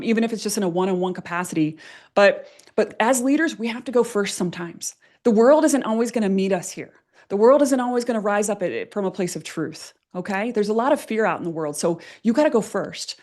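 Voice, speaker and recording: Animated woman telling a story. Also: medium pitch. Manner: animated, laughs often, many fillers. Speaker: workshop presenter. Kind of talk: storytelling in a workshop.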